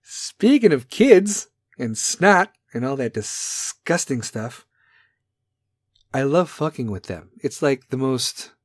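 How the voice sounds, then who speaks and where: A man hosting a talk show, ranting in a brash, profane, comedic way and now and then dropping into mocking high voices. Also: sing-song, takes it slowly, husky, dry recording, clean studio sound. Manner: brash, swearing, swings into mocking falsetto bits. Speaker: podcast host.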